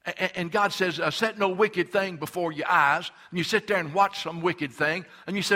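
At a normal pace with hardly any pauses, an older pastor preaches fervently in a bright voice that sits a little high. He stammers through restarts and hits his chosen words with strong emphasis.

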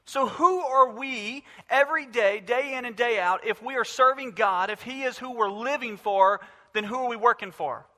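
A man preaching a sermon in a high, bright and forceful voice. He presses his points with repeated phrases and rhetorical questions, and the sound rings out with the long reverb of a church hall. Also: normal speed, hardly any pauses. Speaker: pastor.

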